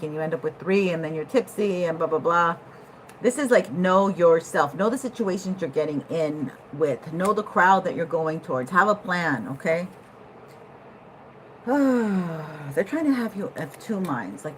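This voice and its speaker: A woman giving a casual tarot reading to her viewers, animated, at times laughing and jumping from quiet musing to loud excited bursts. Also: on the low side, moderate pace, slight background noise, low-quality recording. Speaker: tarot reader.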